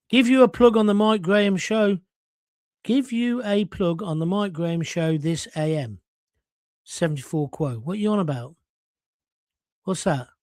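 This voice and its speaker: A man's voice: sits high, no room sound. An older man hosting a casual live stream, chatting bluntly and cheekily while reading out viewer comments.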